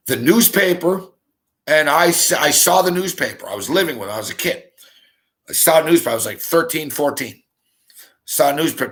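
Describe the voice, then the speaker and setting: A man's voice: mid-range voice, vocal fry, fairly bright tone. A young man from the Montreal area, the show's host, telling a rambling, profane story in casual talk and repeating himself often. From Montreal area, Canada. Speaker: show host.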